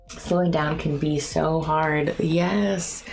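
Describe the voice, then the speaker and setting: A woman's voice: sits low, creaky. A woman in her thirties chatting casually with her live-stream viewers while she paints. She is chatty and self-mocking, and she talks to chat between brushstrokes. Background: soft music.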